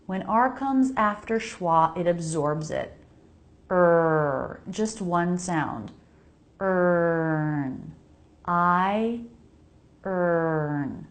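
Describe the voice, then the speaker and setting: A woman with an American accent teaching pronunciation, modeling each sound slowly and repeating words for the listener to copy. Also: medium pitch. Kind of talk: slow pronunciation lesson.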